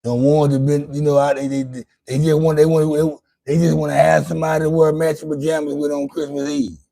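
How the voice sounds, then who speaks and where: A man's voice: on the high side, level tone, a little fast, creaky, warm tone. A man hosting his own livestream, talking loosely and profanely to his chat, rambling with lots of restarts. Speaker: livestream host. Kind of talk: casual livestream monologue.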